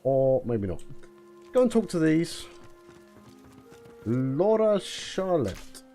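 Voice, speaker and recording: A man talks his way through a game at an unhurried pace, his pitch bouncing around as he mutters to himself. His tone is mellow and relaxed. Game music plays faintly behind him. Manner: chatty, muttering to himself, British slang. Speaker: gaming video host. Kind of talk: let's play commentary.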